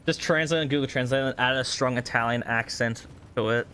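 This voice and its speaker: Man, gaming streamer, bright tense voice, excitable, swears a lot, laughs often, live commentary. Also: medium pitch, fairly quick, slight background noise.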